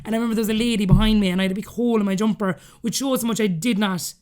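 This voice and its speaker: A woman in her thirties with an Irish accent, a podcast guest telling her story candidly and acting out the dialogue she quotes. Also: mid-range voice. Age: 30s. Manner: rapid, animated, acts out quoted dialogue.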